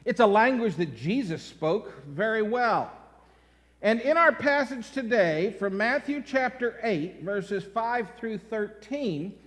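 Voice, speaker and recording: Male pastor, sermon, unhurried, long church reverb. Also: sits high. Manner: storytelling, expressive. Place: church sanctuary.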